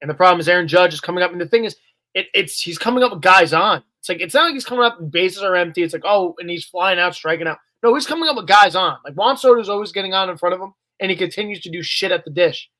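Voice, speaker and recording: Male podcast co-host, blunt frustrated venting, slightly high, dry close mic. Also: animated, fast, bright, forceful tone, dry recording. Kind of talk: sports podcast chat.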